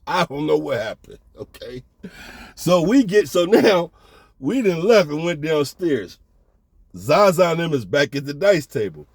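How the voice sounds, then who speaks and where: A man's voice: fairly high pitch, husky, no room sound. Laid-back slangy man telling a story. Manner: laid-back, slangy, addresses listener as big baby. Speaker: storyteller host. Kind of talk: casual storytelling.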